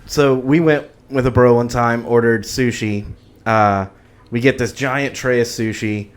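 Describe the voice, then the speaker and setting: A man's voice: mid-range voice, steady tone, unhurried. A man hosting a podcast, telling a story with laid-back, profane banter. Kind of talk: casual chat.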